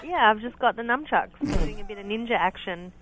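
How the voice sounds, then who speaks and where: A woman's voice: medium pitch, animated, brisk, crowd noise. A woman actress from Australia, calling in as a guest and joking with a lot of laughter. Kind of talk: casual phone interview. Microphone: telephone. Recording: tinny phone line.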